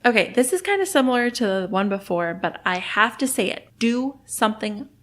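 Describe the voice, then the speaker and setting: A woman's voice: fairly high pitch, animated, brisk, fairly bright tone. A young adult woman hosting a solo podcast, talking in a candid, encouraging way and laughing often. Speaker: podcast host.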